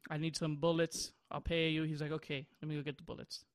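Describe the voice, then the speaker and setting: A man's voice: on the high side, little pitch movement, fast talker, no room sound, clean studio sound. A man in his twenties, hosting a podcast, chatting casually and telling a long rambling story with bursts of laughter. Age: 20s. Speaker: podcast host. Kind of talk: casual chat.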